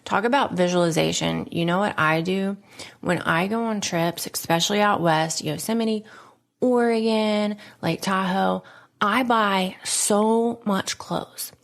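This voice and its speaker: Gravelly-voiced woman telling her story. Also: mid-range voice, steady tone, unhurried. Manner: dramatic, emotional, laughs often, slips into whispers. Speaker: podcast host. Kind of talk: personal storytelling.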